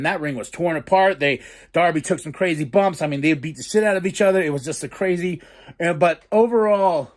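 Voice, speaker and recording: A man with a fairly high voice hosts a casual wrestling review podcast. He talks in an excitable, profane way, acting out his own reactions to the matches. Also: creaky. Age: adult with a daughter. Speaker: podcast host.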